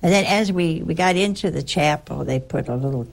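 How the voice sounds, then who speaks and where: Low gravelly older woman recalling. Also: brisk. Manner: rambling, conversational, with frequent restarts. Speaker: nun. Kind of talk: personal storytelling.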